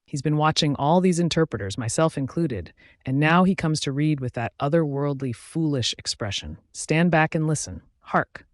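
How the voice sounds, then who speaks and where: A man's voice: a little high, expressive, moderate pace, no echo, clean studio sound, lightly acted. A man voicing a wry, superstitious ship's mate in an audiobook, musing in chatty asides.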